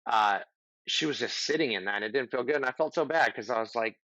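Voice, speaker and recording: A man's voice: medium pitch, quick pace, sharp tone, no room sound. Earnest rambling man, dry dull sound. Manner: earnest, rambling, acts out example dialogue. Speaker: podcast guest. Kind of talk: casual conversational advice.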